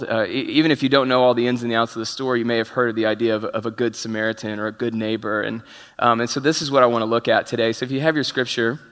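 Bright-voiced pastor telling a story in a hall. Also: male voice, mid-range voice. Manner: casual, self-deprecating, chuckling storyteller. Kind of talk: conversational sermon with storytelling. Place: church sanctuary. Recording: long hall reverb.

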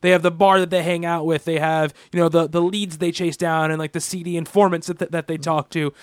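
A man's voice: a little high, little pitch movement, brisk, dry recording, clean studio sound. A man co-hosting a casual comic book podcast, rambling through his points with many restarts. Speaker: podcast co-host.

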